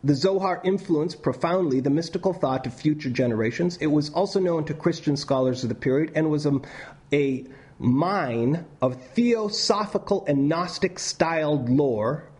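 Man, teacher, classroom lecture, somewhat high voice, animated, frequent restarts, reads passages aloud. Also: moderate pace.

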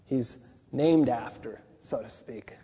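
A man's voice: mid-range voice, takes it slowly, dark tone, slightly rough, in a large hall. A man preaching a sermon in a conversational way, often asking rhetorical questions.

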